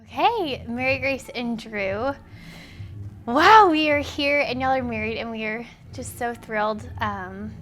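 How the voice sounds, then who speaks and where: Excited woman welcoming the groom to the family. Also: a little high, unhurried. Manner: excited, effusive. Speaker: bride's family member. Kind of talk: wedding video message.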